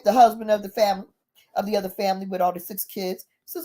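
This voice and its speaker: A woman retelling a story in a casual, chatty, animated way. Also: medium pitch, fast talker. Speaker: speaker.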